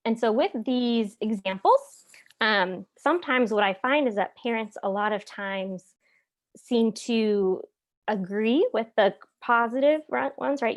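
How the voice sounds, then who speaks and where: A woman's voice: a little high, measured pace. A woman therapist presenting a parenting webinar in a conversational way, with many "um"s and frequent "right?" check-ins.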